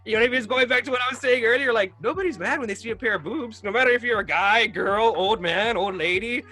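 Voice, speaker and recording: A man's voice: high-pitched, fast talker, sharp tone, soft background music. A man hosting a casual podcast chat, crude and joking, laughing often. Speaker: podcast host.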